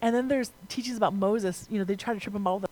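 A young woman delivering a sermon in a relaxed, chatty way, full of casual asides and tag questions. Her voice sits at a middle pitch and climbs in force when she drives a point home. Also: fast, low-quality recording. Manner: conversational, rising to emphatic, frequent "like" and "right?". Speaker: preacher.

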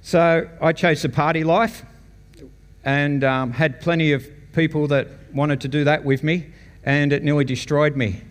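An Australian man speaks unhurriedly to a church congregation as a guest, sharing a casual testimony through story and often chuckling. His voice is a little high, with fairly even intonation. The recording carries the long reverb of a church meeting hall.

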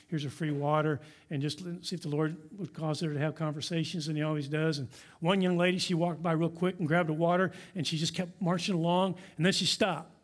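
A man delivers an earnest sermon from a church pulpit, his voice sitting noticeably high for a man. He exhorts his listeners with conviction, pressing each point home as a pastor speaking to his congregation. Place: church sanctuary.

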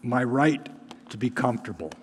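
A man's voice: medium pitch, lively intonation, moderate pace, slightly rough, big-room sound. A man preaching a sermon in a conversational way, often putting questions to the congregation. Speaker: pastor.

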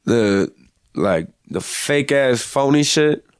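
A man's voice: medium pitch, expressive, takes it slowly, clean tone, no echo, clean studio sound. A young man, a rapper, talking as a guest in a casual podcast chat, laid-back and slangy, swearing freely.

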